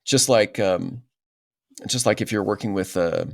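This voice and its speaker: A man's voice: lowish voice, measured pace, creaky, no room sound, clean studio sound. A man as a podcast guest, talking in an earnest, explanatory way and often checking in with "right?". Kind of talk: casual interview talk.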